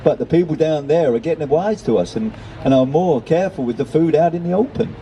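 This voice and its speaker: A man's voice: fairly high pitch, animated, a little fast, warm tone, muffled recording, faint music behind, pitched above the performer's own voice. A man reading a story, voicing a self-assured male seagull with a put-on Kent accent. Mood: boastful.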